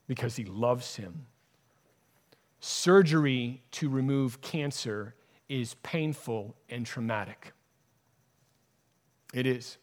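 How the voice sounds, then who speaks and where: A male pastor delivering a sermon in an emphatic, deliberate way. He restates each point several times to press it home, and his voice sits at an ordinary middle pitch for a man. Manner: emphatic, repeats key phrases for stress.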